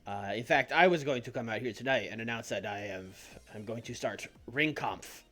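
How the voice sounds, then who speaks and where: Man doing a smug male wrestler, calm, measured, hesitant fillers. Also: mid-range voice, faint music behind, natural voice. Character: calm, smug male wrestler who leads his own group.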